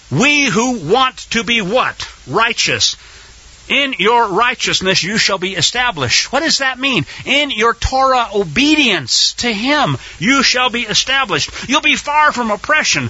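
A man preaching a fiery sermon, impassioned and sarcastic, sometimes shouting. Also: high-pitched, slightly rough, dry recording, lo-fi sound.

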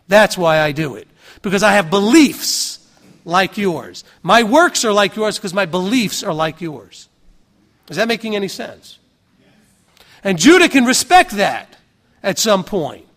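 A man's voice: high-pitched, a bit bright. A man preaching a sermon to his congregation in a conversational way, asking rhetorical questions and acting out what other people say. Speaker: pastor.

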